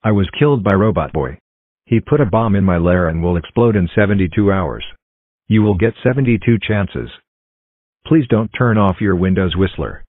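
A stern, flat-voiced male robot , as a man voices it, that issues warnings in a deep tone. The sound is dry and tinny, like a phone line. It speaks with a mechanical, threatening edge. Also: normal speed, no echo. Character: stern robot error figure, male, grows angry.

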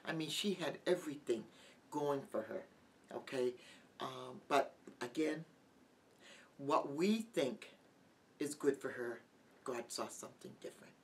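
A middle-aged woman giving a heartfelt personal testimony as an interview guest, halting and full of restarts. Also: extremely low pitch, a little mellow. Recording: distant mic with light background noise.

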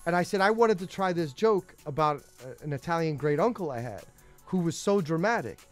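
High-voiced joking man. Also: lively intonation, fairly quick, soft background music. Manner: loose, joking conversational delivery. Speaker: podcast co-host. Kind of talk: casual podcast chat.

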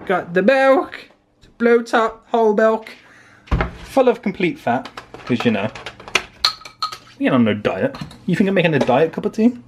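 A man's voice: high voice, animated, measured pace, pauses often, noisy background. A man vlogging a playful cooking demo in his home kitchen, filming on a handheld phone and narrating each step with jokes. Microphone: handheld phone camera.

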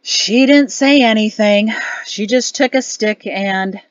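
A woman's voice: mid-range voice, slow pace, no echo, natural voice. Woman voicing an embarrassed officer husband, grumbling, muttering asides, dull dry sound. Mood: strained. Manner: muttering under his breath.

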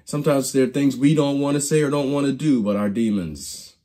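A man's voice: medium pitch, fairly quick, mellow. A man teaching a Bible study lesson in a preacherly storytelling way, often repeating and restarting his phrases. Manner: preacherly storytelling, acts out quoted lines.

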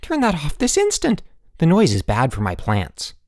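A man voicing an earnest, nerdy teenage boy scientist who turns shrill when upset. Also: wildly swooping pitch, moderate pace, no room sound, clean studio sound. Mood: alarmed.

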